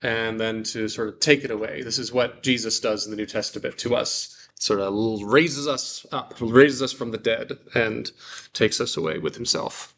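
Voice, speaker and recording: A man teaching a relaxed Bible Greek class, reading example sentences aloud and explaining them slowly with casual fillers. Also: mid-range voice, a little hiss or hum.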